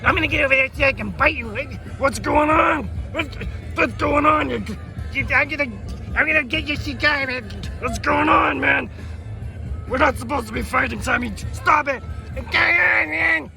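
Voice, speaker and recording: A man voicing a vain, crude, cigar-loving male puppet who is quick to shout and curse. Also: very high voice, gravelly, faint music behind, heavily acted. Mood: furious. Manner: shouty, profane, self-admiring.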